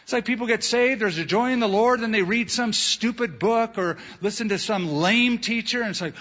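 Male pastor, sermon delivery, bright husky tone, lo-fi church recording with long reverb. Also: sits high, moderate pace, few pauses. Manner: animated preacher, acts out quoted voices. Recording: dull lo-fi sound in a reverberant hall.

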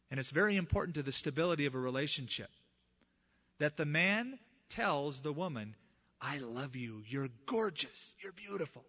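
A middle-aged man, a pastor, preaching a sermon in a conversational, animated storytelling way. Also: fairly high pitch.

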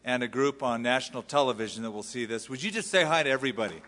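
A man's voice: mid-range voice, racing, in a large hall, very noisy. A man from the US West Coast with an American accent, preaching a sermon in a conversational, self-deprecating way. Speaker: pastor. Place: large church hall.

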